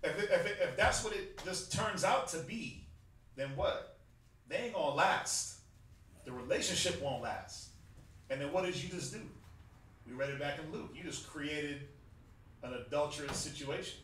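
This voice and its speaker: A Southern US man with a fairly high voice teaches a religious class in a loose, joking, conversational way. He laughs often and drops into slang. He is picked up from across a very echoey room by a distant mic, with faint hiss behind him. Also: moderate pace, long pauses, fairly bright tone. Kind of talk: casual sermon-style class teaching.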